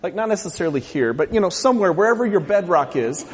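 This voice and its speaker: A man's voice: high-pitched, expressive, quick pace, big-room sound. A man from the US West Coast preaching a sermon as pastor, joking and asking the congregation questions. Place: church sanctuary.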